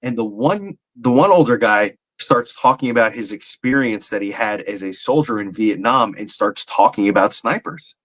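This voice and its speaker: A man's voice: on the low side, lively intonation, moderate pace, few pauses, a bit bright, no room sound. A man co-hosting a podcast, telling a rambling anecdote with lots of fillers. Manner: rambling, self-deprecating, many fillers. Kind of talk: casual chat, anecdote.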